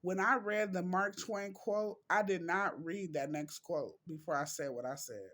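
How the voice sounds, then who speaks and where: Slow, heartfelt man vlogging emotionally. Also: fairly high pitch, fairly bright tone. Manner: heartfelt, slow, preachy with drawn-out words. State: emotional, near tears. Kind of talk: emotional vlog reading quotes.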